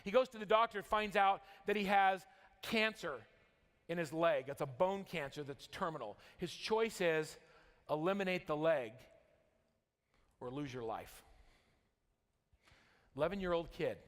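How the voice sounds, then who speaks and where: A man's voice: fairly high pitch, a little slow, pauses often. A middle-aged man from Utah giving a motivational convention keynote, telling a story with big rises and sudden drops. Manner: energetic storytelling, rising and dropping for drama. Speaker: motivational speaker. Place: large convention hall. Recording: long hall reverb.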